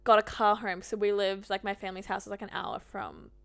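Animated Australian woman telling stories. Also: mid-range voice, fairly quick, vocal fry. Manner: animated storyteller, swears freely, many "like" fillers. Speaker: podcast co-host. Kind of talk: casual chat.

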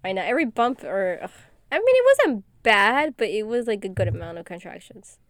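Soft-spoken young woman, close and dry. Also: very animated, brisk, no echo. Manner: soft-spoken, quiet and low-key, often trailing off. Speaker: podcast co-host. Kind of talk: casual chat.

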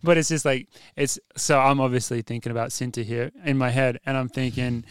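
A man's voice: medium pitch, steady tone, brisk, clean tone, no room sound, clean studio sound. An Australian man hosting a podcast, chatting casually in laughing, easygoing banter. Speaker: podcast host. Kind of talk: casual chat.

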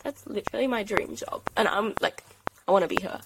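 A young woman hosting a casual podcast chat, telling stories excitedly and rambling with lots of "like". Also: mid-range voice, brisk, vocal fry, heavy background noise. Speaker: podcast host.

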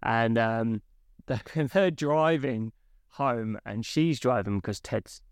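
A man in his thirties with a gravelly, rough edge to his voice talks loosely on a podcast, peppering stories with swearing and laughter. The sound is dry and close, with no room around it. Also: medium pitch, takes it slowly, no echo. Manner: swears freely, laughs while retelling scenes. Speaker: podcast co-host. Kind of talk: casual chat.

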